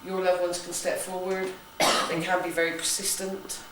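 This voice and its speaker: In a lowish, level voice that's a bit bright, this West Country woman speaks at a moderate pace while hosting a ghost hunt as a psychic, joking with the group and checking in with "okay?". A camera some distance away records her in a big, echoey old-building room, with a little hiss or hum.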